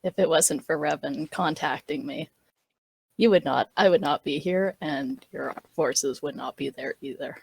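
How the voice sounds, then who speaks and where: A woman's voice: low-pitched, unhurried, vocal fry, breathy edge, dry recording, exaggerated voice. Woman playing a cold, accusing man. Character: cold stern man, wary captive ally.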